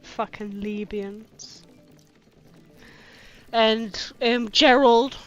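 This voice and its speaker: A woman's voice: on the high side, fairly even intonation, very slow, fairly bright tone. A woman host reading fanfiction aloud with sarcastic, profane commentary and mocking asides. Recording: dull lo-fi with faint music.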